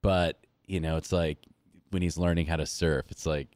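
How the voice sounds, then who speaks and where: Low, dry-voiced rambling podcast guest man. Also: fairly even intonation, normal speed, a little mellow, no echo. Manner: rambling, filler-heavy, acts out quotes. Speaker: podcast guest, musician and surfer. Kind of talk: casual chat.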